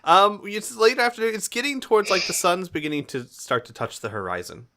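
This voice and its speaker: A man's voice: sits high, wildly swooping pitch, brisk, sharp tone, slight background noise. A man running a tabletop game as game master, narrating casually with many fillers and laughs.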